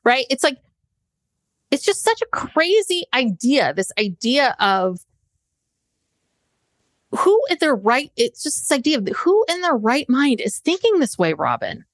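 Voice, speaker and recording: A woman in her forties co-hosting a podcast, talking in an animated, indignant way and swearing freely. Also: high-pitched, a little slow, long pauses, no echo, studio quality. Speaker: podcast co-host. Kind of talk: casual podcast chat.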